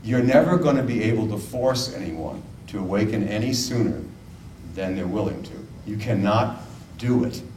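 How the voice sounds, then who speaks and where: A man's voice: medium pitch, a little mellow, slight background noise. A man giving a spiritual talk, retelling a story and asking the listeners earnest questions. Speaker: spiritual speaker. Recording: roomy, distant mic, faint ambience.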